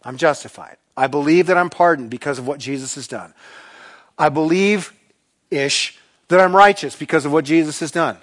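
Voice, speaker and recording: A man preaching a sermon, earnest and confessional, swinging from loud emphasis to hushed asides. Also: a little high, normal speed. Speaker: pastor.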